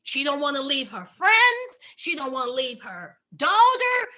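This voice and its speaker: A woman's voice: high voice, sing-song, measured pace, bright, forceful tone. A woman giving a sassy, dramatic casual commentary recap as a YouTube host, calling her listeners honey and child.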